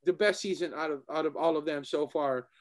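A man, a martial arts instructor, chatting casually as co-host, animated and excitable, often repeating himself. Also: a little high, fairly quick. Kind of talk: casual chat.

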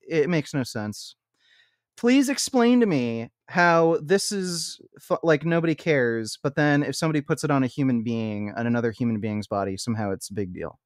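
A man rants on a reaction stream, blunt and profane, scornful of what he watches. His voice is smooth and resonant and the sound is dry and close. He stumbles into restarts when worked up. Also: mid-range voice, animated, normal speed, no room sound.

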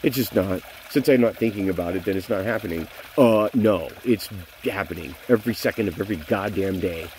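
A deep-voiced man in his forties delivers a bitter vlog rant that is thick with swearing. His voice sits very low. Faint running water trickles behind him. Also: a little fast, a little mellow, a little hiss or hum. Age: 40s. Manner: bitter, profane ranting. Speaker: vlogger. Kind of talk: venting vlog monologue.

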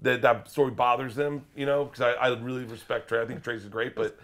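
A man who is a stand-up comedian, telling a wild story in an interview, swearing freely and rising into loud, excited shouts. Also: mid-range voice, fairly quick. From United States. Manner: profane, excitable, jumps into loud shouted bits when telling stories. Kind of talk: animated storytelling.

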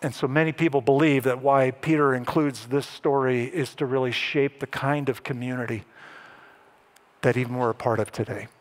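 A man preaching a sermon as pastor, animated and dramatic, acting out the lines he quotes. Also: normal speed. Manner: animated, acts out quoted lines with rising pitch and emphasis.

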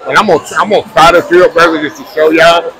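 A man's voice: a little high, steady tone, fast talker, sharp tone, low-quality recording. A man giving casual walking vlog narration at outdoor food tents, talking straight to viewers as y'all. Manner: chatty, addresses viewers as y'all. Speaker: food vlogger. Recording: busy crowd noise around.

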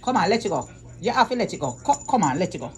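A woman's voice: on the low side, big pitch swings, quick pace. A woman, vlogging as she coaxes her cats to play in a sing-song, repetitive way. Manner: coaxing, sing-song, repeats commands. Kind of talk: casual talk to her cats.

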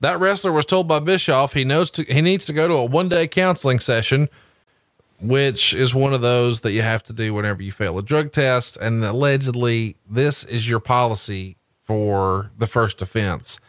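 A male podcast co-host with a medium-pitched, slightly bright voice does a salesy, emphatic ad read, slowly spelling out web addresses, and then asks questions casually. The audio is studio quality with no room sound.

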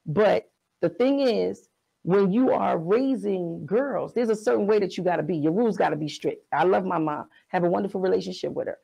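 A woman's voice: on the low side, moderate pace, creaky, warm tone, slightly rough, dull audio. A woman, frankly telling a personal story as a podcast host in a profane, conversational way.

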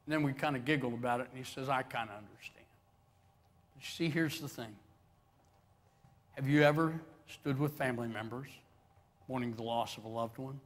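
A man's voice: medium pitch, a bit bright. A man preaching a sermon as pastor, telling stories animatedly and acting out the quotes with chuckles. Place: church sanctuary with long reverb.

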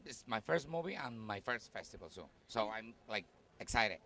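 A middle-aged man with a Puerto Rican Spanish accent, a Spanish speaker talking English as a stand-up comedian being interviewed at a festival, animated and excitable. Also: moderate pace, slight background noise. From Puerto Rico. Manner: animated, excitable, lively swings in pitch. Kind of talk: festival red-carpet interview. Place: busy festival event in New York.

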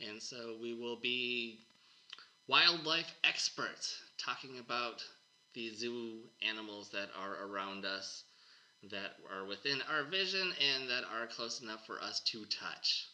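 Bright-voiced chatty male podcast host. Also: mid-range voice, measured pace, rough recording. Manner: chatty, laughs often. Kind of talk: casual interview chat.

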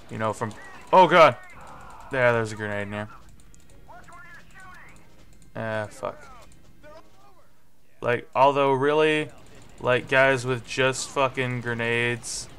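A young man doing live gameplay commentary, swearing and getting frustrated, with sudden yelling bursts. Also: mid-range voice. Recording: faint music behind.

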